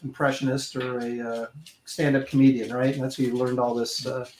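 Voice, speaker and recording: A man's voice: mid-range voice, level tone, darkish tone, a little hiss or hum. Rambling man in an echoey room. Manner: rambling, halting storyteller. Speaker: podcast host. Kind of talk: casual chat.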